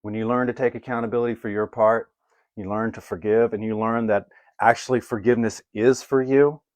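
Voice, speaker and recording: A man's voice: on the low side, steady tone, a little fast, darkish tone, no room sound. Casual man doing live card readings. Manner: casual, swears, greets viewers by name. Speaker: livestream card reader.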